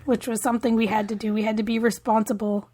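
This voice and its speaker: A woman's voice: a little high, little pitch movement, fast, mellow. A woman co-hosting a podcast from Canada, chatting casually, often laughing and trailing off mid-sentence. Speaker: podcast co-host. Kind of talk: casual chat.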